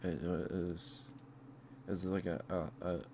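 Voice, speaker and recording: Young guy doing a chatty asmr stream, deep slow voice, keeps laughing n restarting, faint hiss behind. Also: flat delivery, a little mellow. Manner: rambling, laughs often, many restarts. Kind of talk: soft-spoken ASMR live stream chat.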